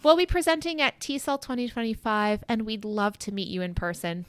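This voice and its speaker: A woman's voice: a little high, a little fast, smooth, no echo. Upbeat woman podcast co-host, dry sound. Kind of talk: casual podcast chat.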